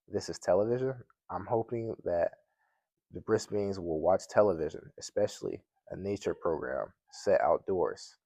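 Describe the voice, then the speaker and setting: A man's voice: low-pitched, a little mellow, no echo. A man reading a children's book aloud as a guest reader, plainly, with occasional slips and restarts.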